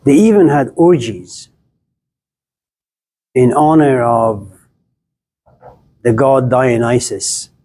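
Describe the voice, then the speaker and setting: A man with a mellow, medium-pitched voice gives a live classroom lecture, speaking slowly with frequent pauses. He's playful and teasing, piling up jokes through long repetition and calling on students by name.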